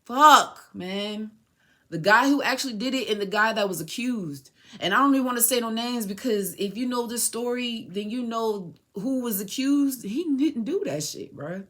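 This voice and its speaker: Pitched fairly high and talking at a normal speed with few pauses, the young host relates a painful story from her own life. She is raw and casual, full of slang as she replays dialogue, and at points she nearly cries.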